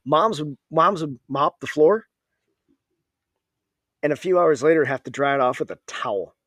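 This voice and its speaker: A man from Minnesota, an Army veteran guest on a podcast, telling stories in a casual, profane and animated way. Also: a little high, moderate pace, no echo, studio quality.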